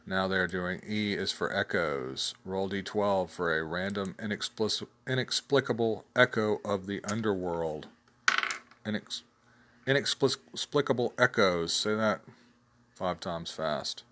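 A man's voice: sits low, unhurried, fairly bright tone, a little hiss or hum. A man casually hosting a solo talk show, reading tabletop game tables aloud, chatty and laughing at his own jokes. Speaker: host reviewing tabletop game blogs.

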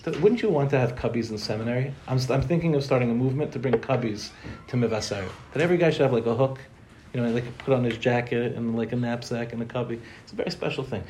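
A young man teaching a Torah class in a quick, joking way, throwing rhetorical questions at his listeners. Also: medium pitch, a little mellow, slight background noise.

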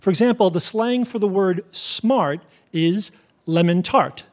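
A man serving as the puzzle expert on a quiz show, explaining rules clearly. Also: sits high, unhurried, a little mellow.

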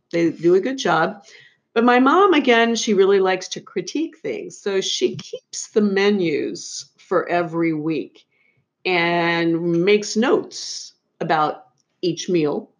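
A middle-aged woman co-hosting a podcast, telling family stories in a casual chat with dry, wry humor. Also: fairly low pitch. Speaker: podcast co-host. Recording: slightly dull, lo-fi recording.

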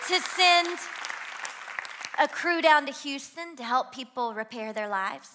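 A young woman from Louisiana with a Southern twang, preaching an energetic sermon as guest pastor and urging the congregation to join in. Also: sits high, a little slow, background noise. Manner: energetic, exhorts the crowd to shout along. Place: church auditorium.

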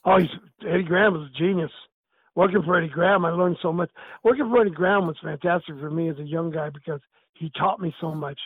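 A man's voice: fairly high pitch, fast talker, slightly rough, no echo. An older man, a retired wrestler, telling stories in a casual chat over the phone. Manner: storytelling, animated. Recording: tinny phone line.

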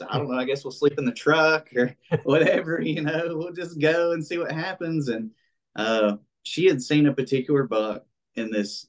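A man tells a story in a relaxed podcast chat. He rambles, full of fillers and restarts, and acts out what people said to each other. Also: fairly low pitch. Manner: rambling and animated, many fillers, acts out quoted speech. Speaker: interview guest, bow hunter. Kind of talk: casual storytelling in a podcast interview.

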